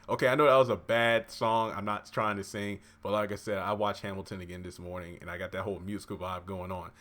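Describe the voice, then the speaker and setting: A man's voice: fairly low pitch, steady tone, fast talker, few pauses, a bit bright. A man giving a casual, rambling recap of a TV episode, chatty and full of fillers and side stories. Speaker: TV recap vlogger.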